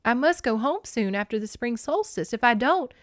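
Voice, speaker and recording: A woman's voice: a little high, animated, moderate pace, dry recording, clean studio sound, voice pushed up, lightly acted. A woman voicing a young goddess who stands up to her mother, speaking earnestly and firmly. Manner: earnest, firm, pleading. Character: defiant young goddess, newly grown woman.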